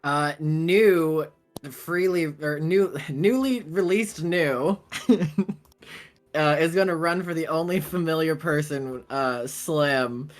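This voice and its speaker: Low-voiced, slow-talking woman player. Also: faint music behind. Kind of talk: casual tabletop role-play.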